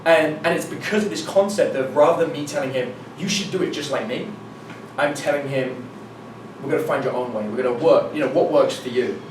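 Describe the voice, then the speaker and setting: A man's voice: medium pitch, brisk, noisy background. Guy doing a seminar talk, tells stories and acts out the dialogue, swears casually, roomy echo, heard from across the room. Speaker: dating coach giving a presentation. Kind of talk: live seminar talk with anecdotes. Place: meeting room with an audience. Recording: echoey room from a distance, faint ambience.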